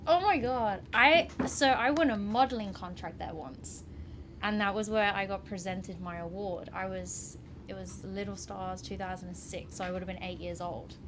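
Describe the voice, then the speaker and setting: A woman's voice: mid-range voice, moderate pace. Chatty young English woman, noisy room. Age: 20s. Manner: chatty, laughs often, lots of "like". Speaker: interview guest, wrestler. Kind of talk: casual interview chat. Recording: noisy background ambience.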